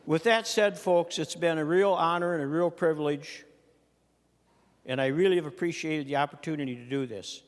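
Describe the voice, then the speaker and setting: Speaking at normal speed in a slightly high voice, an older man from Minnesota bids farewell as a retiring state senator from the floor of the legislative chamber. His speech mixes folksy anecdotes with dry wit, echoing with the long reverb of the big room.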